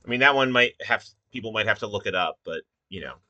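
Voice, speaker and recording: A man with a low but very bright, sharp-edged voice thinks aloud in a casual, halting way, full of fillers and pauses. The sound is dry and close, with no room echo. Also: animated, lo-fi sound. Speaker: puzzle maker.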